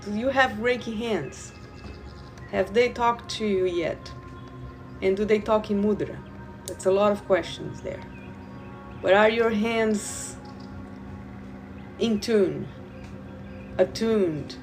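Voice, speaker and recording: A woman who guides Reiki, talking slowly and loosely to viewers in a live stream, repeating words and addressing them directly. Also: mid-range voice, darkish tone, soft background music. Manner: slow, meandering, repeats words, talks to viewers. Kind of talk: live spiritual stream talk.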